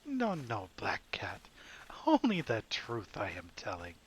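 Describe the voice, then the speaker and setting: A man's voice: on the low side, huge pitch swings, measured pace, husky, exaggerated voice. Man doing a cringing birdman with twisted grammar. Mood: wheedling. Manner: backwards word order, wheedling. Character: cringing sly male birdman scout.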